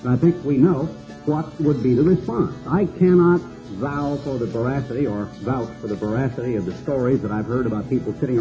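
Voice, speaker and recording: An older man preaching a sermon, slow and cadenced, building long repeated lists. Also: medium pitch, dull audio.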